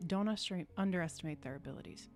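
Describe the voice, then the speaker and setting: A woman's voice: lowish voice, fast talker, a little mellow, faint music behind, natural voice. A woman voicing a stern, threatening male guard captain in a tabletop game, giving curt, clipped orders. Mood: curt warning.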